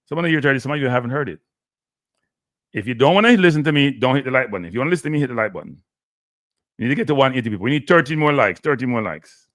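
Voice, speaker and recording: Annoyed Jamaican man, lively pitch. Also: very fast, dry recording, studio quality. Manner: annoyed, pleading with viewers. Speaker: live show host. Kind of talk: live stream talk.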